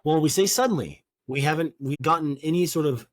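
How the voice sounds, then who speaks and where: A man's voice: on the high side, fairly quick, no echo. Laid-back man reading scripture, dry mic. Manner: reads scripture aloud, then riffs with offhand jokes. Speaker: podcast co-host. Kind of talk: casual Bible study chat.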